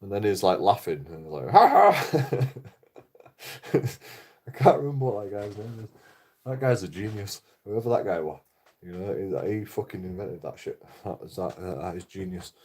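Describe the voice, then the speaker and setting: A man's voice: deep voice, normal speed, warm tone, breathy edge. A man rambling through a casual livestream chat, swearing a lot, repeating himself and laughing at his own jokes. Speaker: livestreaming vlogger.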